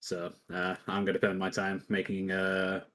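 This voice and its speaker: A man's voice: low voice, completely flat delivery, normal speed, a bit bright. A man playing a tabletop game, rambling and hesitant, stopping often to search for words. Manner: rambling, hesitant, many fillers. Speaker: player. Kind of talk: casual tabletop game play.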